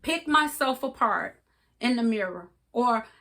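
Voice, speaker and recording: Bright, high-voiced woman giving pep talk. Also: animated, a little slow. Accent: regional accent. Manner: earnest, coaching, laughs often. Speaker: podcast co-host. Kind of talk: casual motivational chat.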